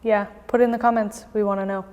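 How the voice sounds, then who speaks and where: A woman, a fitness coach, co-hosting a casual gym news vlog, speaking quietly and playfully. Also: medium pitch, level tone, fast. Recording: echoey hall with long reverb.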